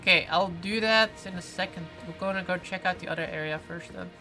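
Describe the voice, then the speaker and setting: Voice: medium pitch, brisk, low-quality recording. A streamer chatting casually while playing, reading viewer comments aloud and answering them with many fillers and restarts. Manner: frequent "like" fillers and self-corrections. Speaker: game streamer. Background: game music.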